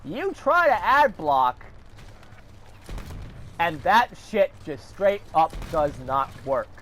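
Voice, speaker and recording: High, lively-voiced man ranting angrily. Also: slow pace, slight background noise. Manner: heated, swearing, sarcastic asides. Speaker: vlogger. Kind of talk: profane angry rant.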